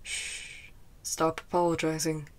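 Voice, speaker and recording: A woman voicing a tired but caring adult male teacher, speaking slowly and gently in a fan fiction audiobook. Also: sits low. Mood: tender. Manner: calm, slow and gentle.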